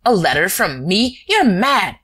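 Casting: woman as an angry English male detective, loud, clipped and demanding. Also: medium pitch, big pitch swings, unhurried, husky, voice pushed up, full character voice. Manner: shouted, indignant questioning. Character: agitated English male detective, sharp-tongued.

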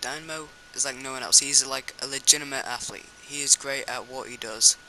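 Young guy narrating a backyard wrestling doc, super bright edgy voice, trips over his words a lot. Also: medium pitch, brisk, a little hiss or hum, low-quality recording. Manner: rambling and excitable, with repeated restarts. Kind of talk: casual comic voice-over narration.

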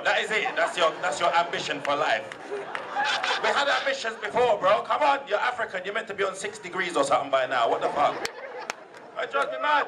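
A man's voice: very high-pitched, very noisy. A man in his forties with a London accent doing stand-up, brash and swearing, teasing the audience. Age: 40s. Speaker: stand-up comedian. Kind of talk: stand-up comedy. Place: comedy theatre stage. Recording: amateur far-off camera in a loud crowded theatre.

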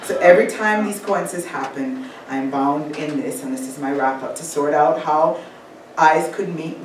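A woman's voice: low voice, darkish tone. Jamaican woman, panel speaker, reflective, heard from far off in a very echoey room with faint hiss. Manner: reflective, asks for slide changes. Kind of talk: academic talk presenting slides. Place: lecture room at a symposium.

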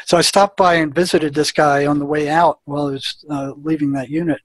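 A man's voice: fairly high pitch, steady tone, fairly quick, no room sound. A man, a former prison therapist, telling an anecdote in conversation and acting out the dialogue in a plain-spoken way.

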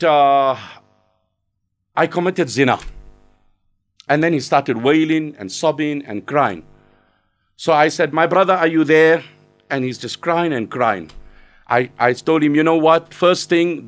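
A man giving an earnest, urgent Islamic lecture, exhorting listeners and breaking into quick Arabic recitation. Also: fairly high pitch. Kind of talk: sermon.

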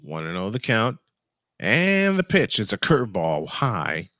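A man in his fifties doing live fan play-by-play of a baseball game, goofy and chatty between pitches, correcting himself as he goes. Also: huge pitch swings, unhurried, a bit bright, no room sound, studio quality. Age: 50s. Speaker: play-by-play announcer.

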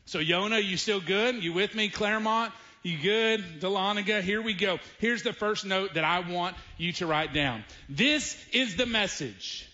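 High, bright Southern pastor preaching. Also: male voice, muffled recording. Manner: emphatic preaching, slows down to stress key phrases. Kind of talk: sermon. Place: church sanctuary.

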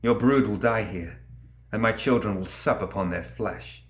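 A man's voice: on the low side, moderate pace, close to an everyday voice. Man voicing a taunting demon queen. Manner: taunting, hissing menace. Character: towering cruel winged demon queen, woman. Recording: roomy echo.

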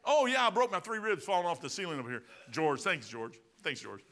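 A man in his sixties with a Midwestern American accent, preaching a sermon as pastor, telling stories with swings from loud outbursts to quiet asides. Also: high voice, sing-song, a little fast. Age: 60s.

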